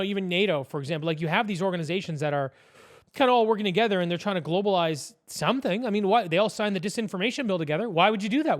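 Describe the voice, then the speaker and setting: A man speaking as a podcast guest in casual political chat, blunt and opinionated, with some swearing. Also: high voice. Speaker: podcast guest, business owner.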